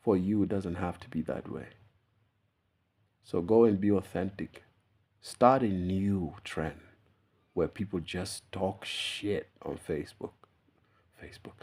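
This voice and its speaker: Young male YouTuber, lower voice, unscripted rambling, casual swearing, frequent chuckles. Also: sing-song, a little slow, long pauses, darkish tone, husky. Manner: loose, meandering, laughs often, swears casually.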